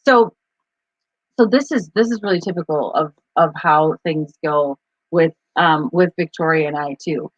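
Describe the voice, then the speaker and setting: A woman's voice: deep voice, a little slow, dry recording. Chatty woman co-host, rambling live-stream talk, dry slightly muffled sound. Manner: rambling, chatty storyteller with many fillers. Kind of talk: casual live-stream chat.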